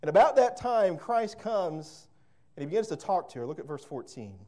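A man's voice: high voice, very animated, moderate pace, mellow. A man preaching a sermon as pastor, fervent and emphatic, repeating words and breaking into storytelling asides.

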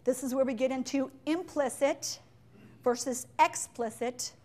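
A woman giving a live business talk to an audience in an animated, joking way, firing questions at the listeners. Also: sits high, measured pace. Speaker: leadership speaker.

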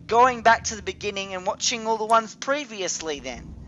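A young man co-hosting a gaming video, chatting casually over gameplay in a rambling, excitable way. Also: high-pitched, normal speed, dull audio, slight background noise. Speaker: gaming channel co-host.

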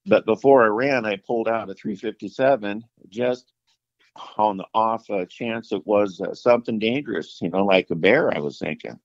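A middle-aged man tells an outdoors story in a slow, rambling way, stopping for fillers and restarts and voicing both sides of the talk. His voice sits a little low. The sound is dull, lo-fi and dry, with no room around it. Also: gravelly, no room sound. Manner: rambling, many fillers and restarts, acts out dialogue. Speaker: outdoorsman telling an encounter story. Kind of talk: casual storytelling interview.

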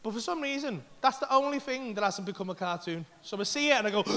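A man telling an animated, sweary story as a stand-up comedian on a club stage, acting out other people's voices and his own panic. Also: sits high, quick pace, few pauses. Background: audience laughter.

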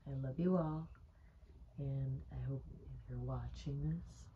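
A young woman at home reading a children's book aloud to her dog, talking in a soft, gentle, unhurried way. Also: a bass voice, lo-fi sound, background noise. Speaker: home reader. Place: home corner indoors.

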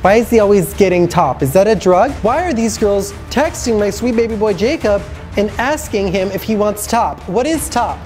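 A male comedian playing a paranoid, overprotective middle-aged mother who frantically spins wild theories and lets out shrill outbursts. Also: animated, moderate pace, darkish tone, faint music behind. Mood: frantic. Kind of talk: comedy sketch acting.

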